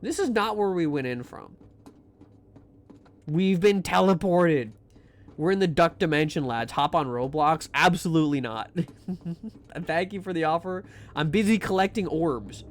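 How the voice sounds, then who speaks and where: A young man with a slightly high, expressive voice streams a horror game at a measured pace. He chats with his viewers casually, rambling and joking with lots of restarts and asides.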